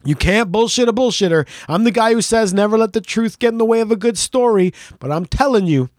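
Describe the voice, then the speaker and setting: High-voiced rambling joking podcast man. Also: animated, a little fast, dry recording, clean studio sound. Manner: rambling, jokey, swears freely. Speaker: podcast co-host. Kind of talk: casual chat.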